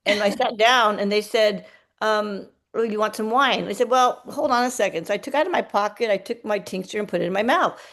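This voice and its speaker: On a video call, a woman with a medium-pitched, slightly bright voice casually tells her team a story. She talks briskly and chattily, acting out the quoted dialogue.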